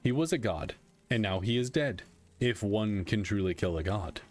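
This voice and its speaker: A man reading aloud the lines of a weary male god-king who speaks dryly and candidly, in a plain, measured voice. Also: fairly low pitch, lively intonation, soft background music, natural voice. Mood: solemn.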